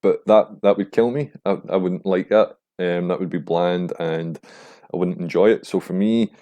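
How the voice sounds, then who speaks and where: Young guy rambling on his podcast, low warm voice, swears a lot. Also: moderate pace. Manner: rambling, profane, animated when mimicking others. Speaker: podcast host. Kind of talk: casual monologue.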